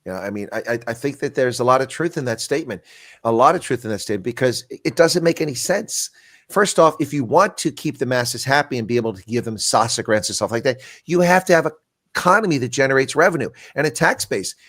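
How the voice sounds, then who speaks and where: Fast-talking, blunt retired colonel, man. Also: mid-range voice, lively intonation, fairly bright tone, no room sound, clean studio sound. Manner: blunt, emphatic, rapid-fire arguing. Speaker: retired colonel and intelligence analyst guest. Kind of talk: frank political discussion on a live stream. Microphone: video call.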